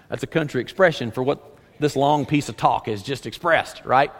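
A man preaching a sermon as pastor, reading scripture aloud and swinging from loud emphasis to hushed lines. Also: mid-range voice, moderate pace. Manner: animated preaching, reads scripture aloud, rises and drops dramatically. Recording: long hall reverb.

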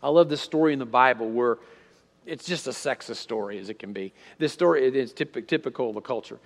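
A male pastor preaches a sermon in a loose, conversational way. He repeats words as he hunts for his phrasing and swings from loud emphasis to hushed storytelling. His voice sits at an ordinary pitch and carries a long reverb from a large hall. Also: a little fast.

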